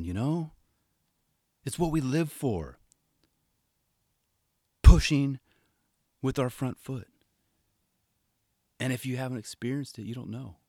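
A man putting on an earnest, soft-spoken skater who talks about skating with deep reverence, slow and hushed. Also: no echo, studio quality.

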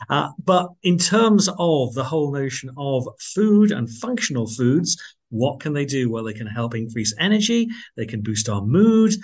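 A man's voice: mid-range voice, very animated, moderate pace, husky. A man hosting a radio interview, effusive and full of fillers. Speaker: radio host.

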